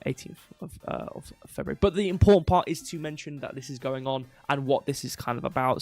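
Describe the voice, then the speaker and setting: A man hosting a crypto livestream in casual chat, rambling, restarting sentences and reading chat aloud while slowly losing his voice. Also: medium pitch, no room sound. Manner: rambling, self-interrupting, reads chat aloud. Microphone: desk mic.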